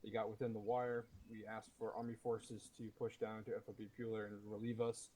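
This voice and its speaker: A man commanding a military sim unit, leading a mission debrief over game voice chat in a steady, matter-of-fact manner. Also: fairly low pitch, fairly quick, slight background noise, rough recording. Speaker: commanding officer running the debrief.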